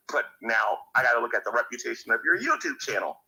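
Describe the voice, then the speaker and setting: A man's voice: mid-range voice, animated, fast talker, hardly any pauses, bright, forceful tone, rough recording. A man giving a preachy, indignant rant as a YouTuber, often stumbling into repeated words. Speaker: YouTuber ranting about his community. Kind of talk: monologue rant to camera.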